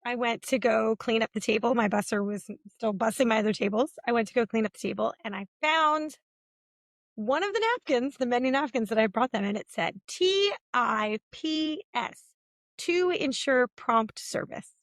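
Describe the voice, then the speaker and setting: A woman in her forties, co-hosting a podcast, telling lively stories in a casual chat. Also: brisk, no echo. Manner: animated storytelling, swings between high and low. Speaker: podcast co-host.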